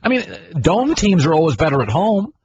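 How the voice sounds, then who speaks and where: A man's voice: fairly high pitch, sing-song, a little fast, breathy edge. Brash man hosting sports radio. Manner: brash, argumentative, mimics people in loud voices. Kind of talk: opinionated sports talk radio. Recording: dull broadcast audio with faint noise.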